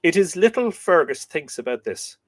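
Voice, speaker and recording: A man's voice: fairly high pitch, very animated, moderate pace, pitched above the performer's own voice. An Irish man voicing a group of grumbling male chieftains from an old Ulster legend.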